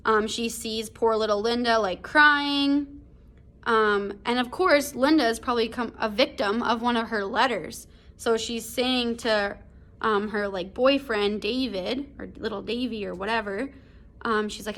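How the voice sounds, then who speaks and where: A woman's voice: on the high side, unhurried, fairly bright tone. Casual chatty woman teacher. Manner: casual, chatty, many fillers like "um" and "like". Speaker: English teacher. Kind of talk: recorded lesson discussing a story. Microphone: computer or phone video recording.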